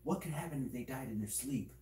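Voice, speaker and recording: Man, mid pitch, mellow tone; casual vlogger giving rambling, earnest advice to camera, echoey room. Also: a little fast. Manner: rambling, repetitive, earnest advice with many restarts. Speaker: video creator. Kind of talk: casual motivational talk to camera.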